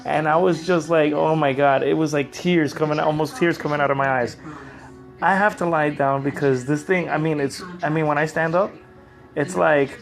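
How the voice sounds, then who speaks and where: Man, gravelly voice, in pain after oral surgery, halting and repetitive, phone in bed, faint music behind. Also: a little high, steady tone. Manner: rambling, halting, repeats words. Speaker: vlogger on a live stream. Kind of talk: casual live-stream chat. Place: lying in bed at home. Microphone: phone camera.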